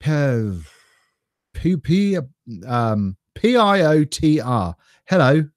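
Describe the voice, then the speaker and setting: A man's voice: on the high side, big pitch swings, drawn-out words, dry recording, studio quality. An English man chatting casually on a live stream, greeting viewers by name and laughing often, speaking into a desk mic through a mixer. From England. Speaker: vlogger reading live chat.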